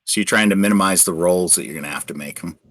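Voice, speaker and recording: Low-voiced man running a tabletop game. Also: quick pace, a bit bright, dry recording. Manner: explains rules patiently with many restarts. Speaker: game master.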